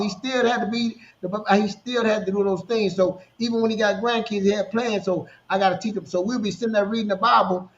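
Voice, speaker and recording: A man in his thirties telling personal stories in a casual podcast conversation, animated and full of restarts. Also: sits high. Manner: storytelling, animated, repeats words and restarts. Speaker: podcast co-host. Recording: roomy, dull lo-fi sound.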